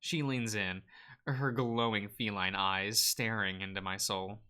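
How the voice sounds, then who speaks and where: Slow, bright-voiced man reading a game. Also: lowish voice, fairly even intonation, clear, resonant tone. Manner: playful, wry asides between narration. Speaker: let's play host. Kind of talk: reading a visual novel aloud.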